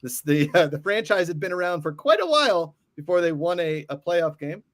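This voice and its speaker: A man hosting a casual sports chat, ranting in an animated way and then apologizing for yelling. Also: on the high side, fairly quick, no echo, studio quality. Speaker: podcast host.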